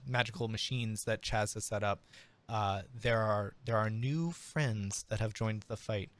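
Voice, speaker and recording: A man's voice: medium pitch, clear, resonant tone. A man running a tabletop game, describing monsters and rules to his players. He talks in a middle register, full of ums and restarts, then suddenly speeds up. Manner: rambling, many fillers and restarts, bursts of speed. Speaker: game master.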